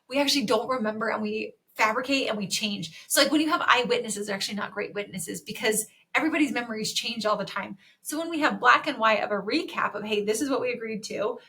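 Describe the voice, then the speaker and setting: A woman hosting a podcast, coaching in a chatty, energetic way and acting out sample conversations. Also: fairly high pitch. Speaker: podcast host and dental practice coach. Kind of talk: solo podcast teaching talk.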